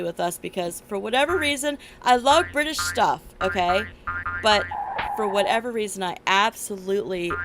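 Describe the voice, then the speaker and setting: A woman streamer chatting casually and rambling while playing a game, laughing often. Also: fairly high pitch. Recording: loud game music behind.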